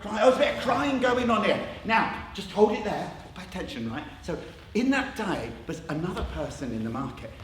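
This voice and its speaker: A man leading an interactive drama workshop, coaxing participants and narrating a story in a lively way. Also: sits high, fairly quick, hardly any pauses, a little hiss or hum. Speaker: workshop leader. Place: theatre stage with a group. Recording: echoey theatre with audience.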